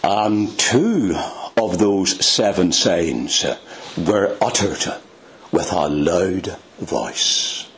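An older man preaching a sermon, slow and emphatic, dropping to hushed tones for effect. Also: low-pitched, animated, slight background noise.

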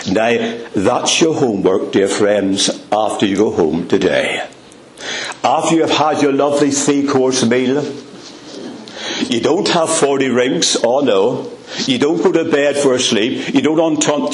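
Man preaching, slow, dramatic pauses, echoey church, faint ambience. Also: slight background noise. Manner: dramatic pauses, drops low on refrains. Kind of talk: sermon. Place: church hall.

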